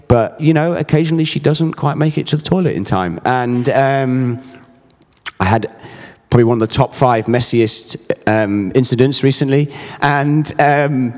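A man's voice: medium pitch, darkish tone, in a large hall. A man in his thirties preaching a sermon, earnest and emphatic, mixing scripture with personal stories. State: briefly emotional.

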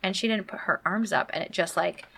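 A woman's voice: mid-range voice, a little fast, creaky, crowd noise. A woman in her thirties co-hosting a podcast, telling a story in a chatty, laughing way. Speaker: podcast co-host. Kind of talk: casual chat.

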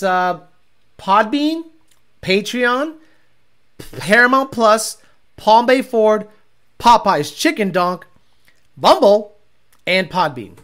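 A man chatting loosely on a livestream, answering viewers between searches and bursts of laughter. He swears freely and rambles, with a lively, swinging pitch. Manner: rambling, profane, laughing often. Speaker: livestream host reading chat. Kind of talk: casual livestream chat.

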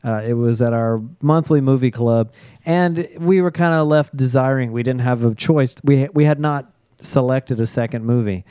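A man telling a funny anecdote in casual chat, animated and acting out what others said. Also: mid-range voice, normal speed, hardly any pauses, clean tone, no echo, clean studio sound. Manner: animated storyteller acting out quotes. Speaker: podcast co-host.

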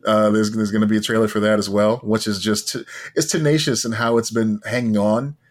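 A man's voice: on the low side, steady tone. A man co-hosting a podcast, chatting casually in a wry, loose way, sometimes reading aloud and swearing for emphasis. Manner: wry, profane, drawn-out musing. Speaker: podcast co-host. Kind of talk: casual chat.

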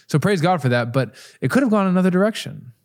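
A man's voice: high-pitched, fast. Candid man telling his story. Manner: candid, animated storytelling with frequent asides. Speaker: podcast host. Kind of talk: casual conversational interview.

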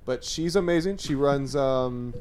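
A man's voice: mid-range voice, a little slow, a little mellow, slight background noise. A man co-hosting a casual podcast, playful and a little flustered when teased. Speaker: podcast co-host.

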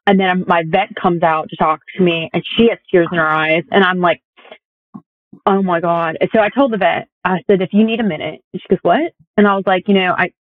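A woman's voice: fairly low pitch, fairly even intonation, brisk, dry recording. A young woman chatting casually as a guest and telling personal stories with lots of fillers. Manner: chatty storytelling with many fillers. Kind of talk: casual conversation. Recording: tinny phone-like audio.

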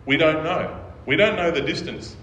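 In an echoey hall with faint ambience and slight background noise, a pastor delivers his sermon at a moderate pace. His voice sits on the high side with a fairly bright tone, and he talks conversationally, often tossing out "right?" to check in with listeners.

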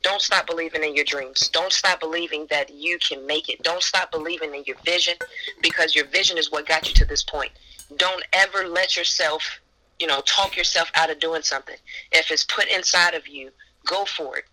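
A man's voice: on the high side, steady tone, normal speed, bright, forceful tone, a little hiss or hum, poor audio. A man co-hosting a podcast who closes with an encouraging, preacherly prayer in a repetitive cadence. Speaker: podcast co-host. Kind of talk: sermon-like prayer.

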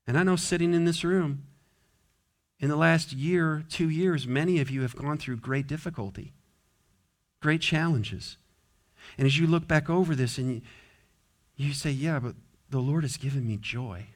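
A man preaching a sermon as pastor in a church, dropping to soft low asides and rising to loud, drawn-out exhortation. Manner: emphatic, drawn-out stressed words. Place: church sanctuary.

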